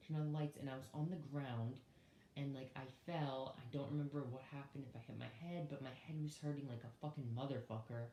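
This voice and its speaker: A young adult man telling a story on his vlog, rambling and swearing, filling every pause with "like". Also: medium pitch, steady tone, warm tone, dull audio, a little hiss or hum. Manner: rambling, heavy use of "like", swearing. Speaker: vlogger. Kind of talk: casual story time. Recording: roomy echo, faint background ambience.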